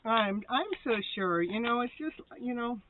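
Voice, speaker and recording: With a fairly high, expressive voice at a moderate pace, she giggles her way through a live tarot reading she hosts, playful and talkative, with frequent sing-song outbursts. The sound is tinny and phone-like, with faint background noise.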